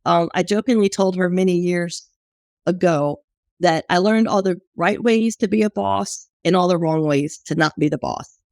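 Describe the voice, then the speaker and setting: A woman's voice: lowish voice, normal speed, darkish tone, no room sound, studio quality. A woman from New Orleans, a business owner, telling stories openly and chattily in an interview. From New Orleans, USA. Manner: open and chatty, storytelling with fillers. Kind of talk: candid conversational interview.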